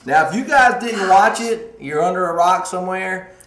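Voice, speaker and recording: A man hosting a casual morning show, chatting lively with many restarts. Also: sits high, normal speed, echoey room. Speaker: show host.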